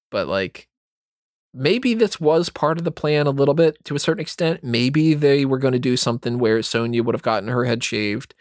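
A man chatting casually, blunt and profane, spinning long rambling takes. His voice is mid-pitched and the sound is dry and close with no room echo. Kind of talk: casual wrestling discussion.

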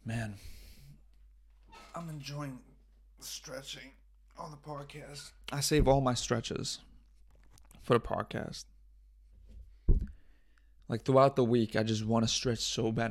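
A man with a steady, mid-range voice talks slowly, leaving long pauses, as he hosts a solo podcast. He rambles casually, jokes, swears often, and talks to himself.

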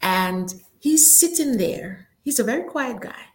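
A woman's voice: fairly high pitch, lively intonation, unhurried. A woman hosting a faith talk show, reflective and affirming, sometimes dropping to a near whisper as she tells a story. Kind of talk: casual chat.

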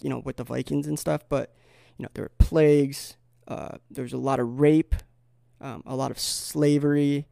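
A man's voice: medium pitch, creaky, a little mellow, no echo, clean studio sound. A man talking to camera in a rambling, comedic vlog, full of fillers and digressions, with bursts of mock-insulting sarcasm. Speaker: vlogger.

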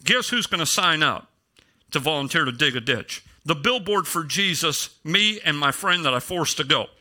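A man's voice: fairly high pitch, animated, normal speed, pushed and bright. A middle-aged male pastor preaching a sermon in a casual storytelling way, with self-deprecating humor.

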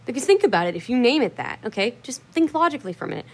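A woman's voice: on the high side, big pitch swings, racing. Blunt, foul-mouthed woman ranting casually. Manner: blunt, swears freely, laughs hard. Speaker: vlogger. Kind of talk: casual rambling chat.

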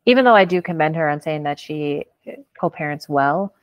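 Blunt low-voiced woman host. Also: lively intonation, moderate pace, dry recording, muffled recording. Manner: blunt, swears, frank opinions. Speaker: podcast host. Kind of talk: casual reality-show recap chat.

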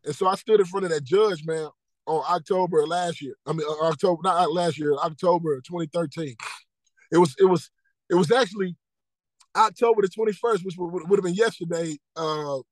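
A man in his thirties with a notably high speaking voice gives his personal testimony as a podcast guest. He tells it earnestly, repeats key phrases and acts out the dialogue. The recording is dry and close. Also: a little fast, dry recording, rough recording. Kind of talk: personal testimony in casual interview.

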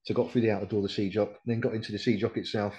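A man's voice: fairly low pitch, level tone, very fast, dark tone, poor audio. A middle-aged man, a military veteran, telling his story bluntly in a casual interview, with plenty of swearing. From United Kingdom. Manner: blunt, sweary, quotes others as he tells it. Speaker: podcast guest, decorated RAF Regiment veteran.

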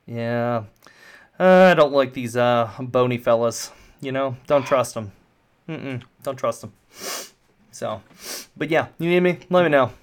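A man's voice: mid-range voice, measured pace, clear, resonant tone, close to an everyday voice. A man voicing a friendly, slangy male slime creature who works as a ship engineer. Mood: chummy. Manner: easygoing slangy chatter. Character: friendly slimy male goo engineer, laid-back.

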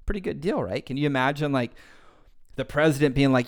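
A man's voice: a little high, huge pitch swings, fast talker, creaky. A man hosting a podcast who retells a Bible story casually, with lots of slang and fillers. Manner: slangy, uses "like" and "dude" a lot. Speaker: podcast host and pastor.

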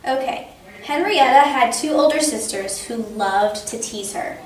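A woman hosting story time, reading a children's picture book aloud with expressive, lively storytelling. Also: a little high, measured pace. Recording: echoey room, distant mic, faint noise.

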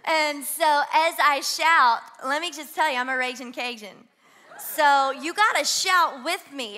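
A young woman from Louisiana with a Southern twang, preaching an energetic sermon as guest pastor and urging the congregation to join in. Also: sits high, unhurried, background noise. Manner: energetic, exhorts the crowd to shout along. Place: church auditorium.

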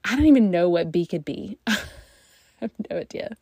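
Chatty woman with a low voice. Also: expressive, normal speed, dark tone, husky, dry recording, studio quality. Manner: chatty, rambling, thinking aloud. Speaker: mom vlogger. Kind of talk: casual chat to viewers.

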